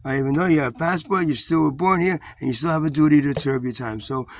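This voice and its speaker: A man's voice: fairly high pitch, fast talker, vocal fry, no room sound, voice pushed up. A man voicing a stern male military commanding officer who talks in a blunt, lecturing way. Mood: firm.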